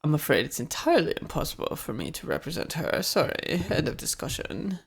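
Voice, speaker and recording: A woman voicing a pompous, evasive elderly male lawyer in a game, with a hushed, drawn-out manner. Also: deep voice, sing-song, gravelly, very noisy, heavily acted. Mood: dismissive. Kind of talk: reading game dialogue aloud. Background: game music.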